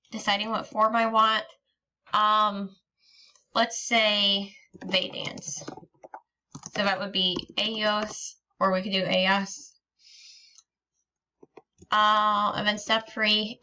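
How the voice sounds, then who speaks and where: A woman's voice: mid-range voice, bright, forceful tone. A woman teaching a recorded lesson, explaining patiently step by step with frequent ums. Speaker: Spanish teacher.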